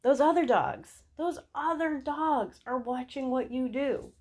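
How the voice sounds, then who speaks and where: A woman's voice: sits high, unhurried. A middle-aged woman hosting a podcast for dog groomers, talking casually and animatedly, laughing often and repeating herself. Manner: acts out calm soothing talk to dogs and owners. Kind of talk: casual solo podcast teaching.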